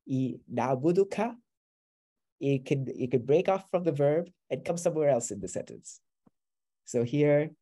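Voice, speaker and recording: A man's voice: mid-range voice, warm tone. A man teaching a beginner class, explaining patiently step by step. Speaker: Arabic teacher.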